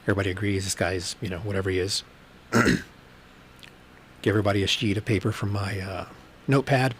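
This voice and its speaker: A man's voice: lowish voice, steady tone, moderate pace, a little hiss or hum. A man hosting a casual solo livestream podcast, telling rambling stories with plenty of ums and blunt profanity. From Texas. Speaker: podcast host. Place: room at home with books behind him. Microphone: webcam livestream, on camera.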